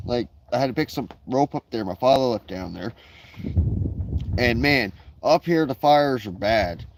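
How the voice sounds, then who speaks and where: A man talks into his phone on a relaxed live stream from outdoors in his backyard. His speech is rambling and digressive, salted with casual profanity, at a middling pitch. Faint background noise sits behind his voice. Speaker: livestreamer.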